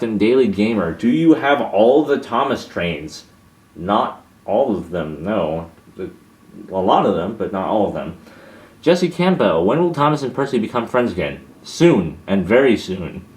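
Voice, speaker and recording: Hesitant young man, low voice. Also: lively intonation, moderate pace. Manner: hesitant, many restarts and fillers. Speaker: channel host answering viewer questions. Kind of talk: casual Q&A monologue.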